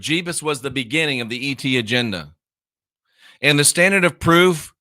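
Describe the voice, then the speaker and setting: A middle-aged American man hosting a casual livestream, mocking and sarcastic, jumping between low mutters and loud outbursts. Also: dry recording, studio quality. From United States. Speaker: online show host.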